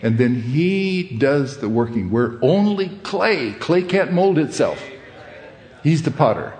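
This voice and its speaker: A man's voice: medium pitch, sing-song, takes it slowly, darkish tone. A man preaching a sermon, reading scripture aloud and then explaining it in an earnest, plain-spoken way. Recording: echoey hall with long reverb.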